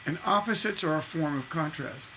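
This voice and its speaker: A man's voice: on the high side, animated, moderate pace, pushed and bright, slight background noise, rough recording. A man giving a casual songwriting lesson on a livestream, rambling and chatty, often repeating words and singing syllables to show a rhythm. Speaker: songwriting teacher.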